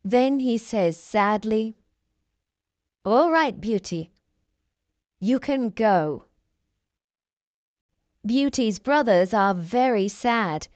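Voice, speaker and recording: Female narrator for a graded reader; clear, deliberate, slightly high. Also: darkish tone, dry recording. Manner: clear, deliberate reading for learners.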